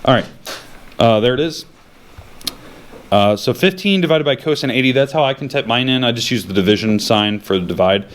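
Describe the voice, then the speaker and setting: A man's voice: medium pitch, animated, a little fast, pauses often. A young male teacher giving a casual math lesson in a classroom, thinking aloud as he works through problems.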